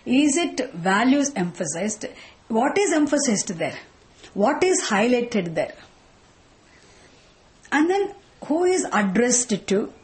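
A woman, teaching a scripture class in a slow explanatory way, posing one rhetorical question after another. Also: fairly high pitch, very animated, a little mellow, low-quality recording. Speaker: Vedanta teacher.

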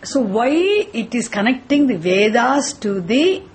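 Breathy woman teaching a scripture class. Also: a little high, sing-song, a little slow. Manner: repetitive, questioning, restarts phrases. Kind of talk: classroom lecture.

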